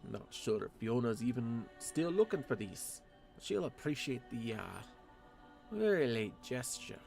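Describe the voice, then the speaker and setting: Man doing a gravelly dwarf adventurer, rough dwarven brogue, wry and hearty, game music under it. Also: mid-range voice, big pitch swings, measured pace, darkish tone. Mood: gruff. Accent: attempted dwarven brogue. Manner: reading quest dialogue aloud in character.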